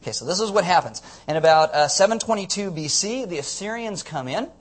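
Preaching a teaching sermon, this male pastor keeps things playful and jokey, regularly checking in to make sure the congregation is following. His voice is high-pitched with lively intonation, and he speaks briskly.

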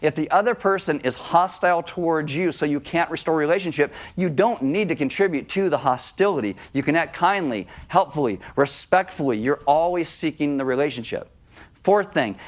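A man preaching a sermon to his congregation, talking directly to them and acting out scenes with sudden raised voices. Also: a little high. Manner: animated, acts out scenes with shouted voices; conversational, addresses congregation directly. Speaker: pastor.

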